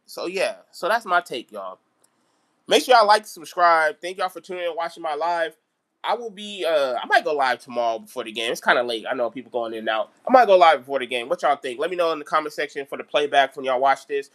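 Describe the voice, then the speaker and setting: Ranting man, high and bright. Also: fast. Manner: animated, repetitive ranting. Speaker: basketball vlogger. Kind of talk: live-stream sports rant.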